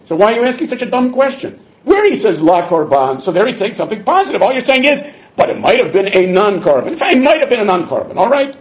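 Animated high-voiced man teaching Talmud. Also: fast, few pauses, muffled recording. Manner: animated, exasperated, sarcastic teaching with Hebrew-Aramaic terms. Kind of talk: Talmud class lecture.

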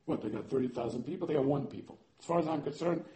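A man's voice: fairly high pitch, fast, a crowd in the background, close to an everyday voice. A man playing a chummy, blunt God. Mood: encouraging. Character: God, casual encouraging divine voice, male.

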